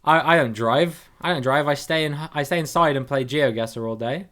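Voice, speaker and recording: A man's voice: fairly high pitch, normal speed, a bit bright. A man giving chatty, playful live-stream commentary while playing a guessing game with his viewers, greeting them by name and swearing casually.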